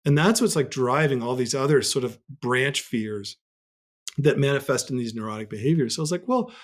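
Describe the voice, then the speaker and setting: Earnest man telling a personal story. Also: brisk. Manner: earnest and reflective, voice jumps high when reliving scenes. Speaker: podcast guest.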